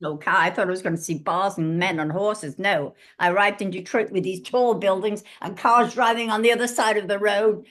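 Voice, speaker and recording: An older British woman in her eighties, chatting as an interview guest. Her voice sits in a middle pitch, and she tells stories with plenty of life, slipping into the voices of the people she remembers. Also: fairly quick, hardly any pauses. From England. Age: 80s. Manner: lively, acts out dialogue in her anecdotes. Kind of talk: casual interview storytelling.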